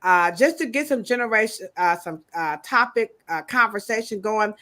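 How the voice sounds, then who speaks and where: A woman's voice: medium pitch, expressive, moderate pace, a bit bright. A woman hosting a podcast, talking casually and emphatically, with joking rants and bursts of laughter. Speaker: podcast host. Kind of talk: casual chat.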